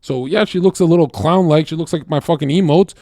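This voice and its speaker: A male livestreamer in a casual monologue. He is blunt, crude and profane, rambling with lots of fillers and swinging between loud bursts and low mutters. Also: fairly quick, dry recording, studio quality.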